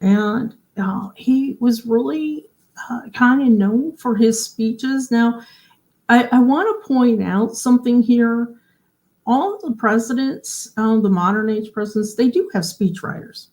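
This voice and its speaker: With a higher-pitched but darkish voice and a slightly slow delivery, the host of a genealogy livestream keeps things casual. She chats through her explanations and often puts questions to her viewers.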